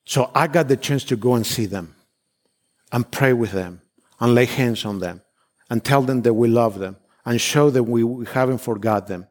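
A man's voice: mid-range voice, moderate pace. Fervent man preaching with an Argentine background. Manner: fervent, repetitive, emphatic declarations; frequent restarts, non-native phrasing. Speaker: visiting missionary preacher. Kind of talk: sermon with personal testimony.

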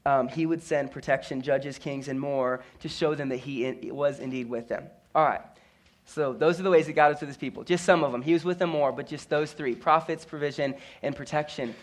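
A man's voice: on the high side, brisk. Earnest man preaching a sermon. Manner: earnest storytelling with stammered restarts and repetition. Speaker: pastor.

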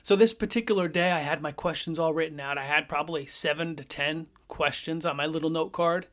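A man hosting a podcast, telling a personal story in a lively, conversational way. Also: fairly high pitch, brisk. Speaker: podcast host.

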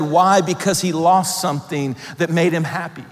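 A male pastor preaching a sermon, swinging between loud emphatic lines and hushed, low ones. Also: normal speed. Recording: long hall reverb.

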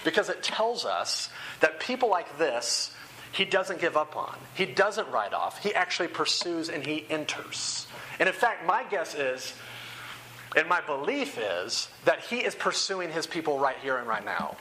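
An earnest young man preaching to a room of seated listeners, his voice bright, forceful and a bit high. He talks like a conversation, restating lines as he builds. A faint hiss runs under the recording. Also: sing-song, a little slow, poor audio. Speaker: campus ministry speaker. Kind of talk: sermon. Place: room with rows of chairs.

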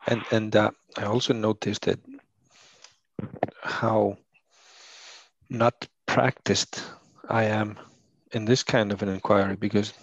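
A man's voice: lowish voice, level tone, slow pace, pauses often, dry recording, dull audio. A man from Iceland speaking English as a second language, with a thick Icelandic accent, reflecting thoughtfully and searching for words. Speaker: leadership coach. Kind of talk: reflective conversation.

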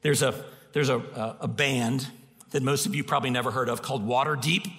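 A man preaching a sermon as a pastor, telling stories in an animated way and poking fun at himself. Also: medium pitch, brisk. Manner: animated storytelling with self-mocking humor. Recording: long reverb of a large hall.

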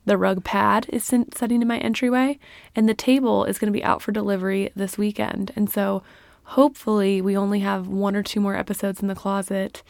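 A woman co-hosting a podcast in casual chat, animated and laughing often, with the hiccups, recorded in a small closet. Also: medium pitch, fairly quick, creaky, no echo, clean studio sound. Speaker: podcast co-host.

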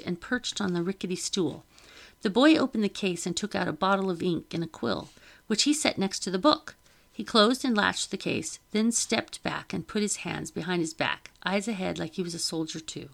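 A woman reading a children's novel aloud with steady storytelling and occasional slips. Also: medium pitch, gravelly. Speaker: reader.

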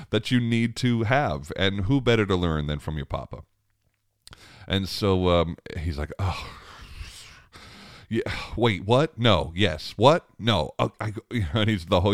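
A man's voice: low-pitched, no echo, clean studio sound. A man in his thirties, a father, telling a family story in a casual, rambling way, chuckling often and restarting his sentences.

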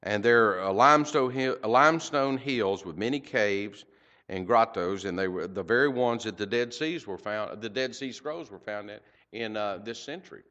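A man's voice: on the low side, moderate pace, sharp tone, dull audio. An older man teaching a Bible passage verse by verse, folksy, with rhetorical questions and personal stories.

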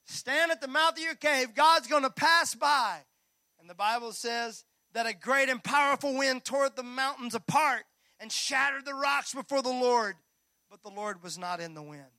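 Animated preacher, high bright voice. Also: male voice, unhurried, no room sound, clean studio sound. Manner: animated preaching, swinging from loud calls to hushed near-whispers; folksy, joking asides to the congregation. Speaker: pastor. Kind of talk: sermon.

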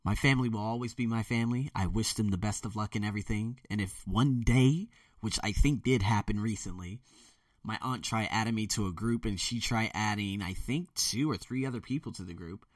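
A man's voice: on the low side, a little fast, no room sound, studio quality, far from the mic. Rambling man, off-mic. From United States. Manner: rambling and candid, quotes others in a mimicking voice. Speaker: vlogger. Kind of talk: personal storytelling monologue.

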